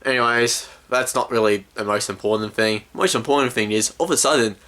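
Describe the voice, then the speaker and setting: Guy ranting about a movie, rambly and fed up, pretty bright voice. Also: medium pitch, fairly quick. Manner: exasperated, rambling, full of fillers. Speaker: film reviewer.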